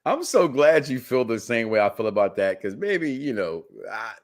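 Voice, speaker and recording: Man, 40s, podcast host, casual chat, animated pitch, rambling delivery. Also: moderate pace. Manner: animated, rambling, laughs often.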